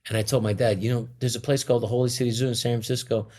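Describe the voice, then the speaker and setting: Middle-aged man, interview guest, average pitch, loose rambling delivery with many false starts. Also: flat delivery, racing, mellow. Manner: rambling, many restarts and fillers. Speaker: comedian guest. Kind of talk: casual interview storytelling.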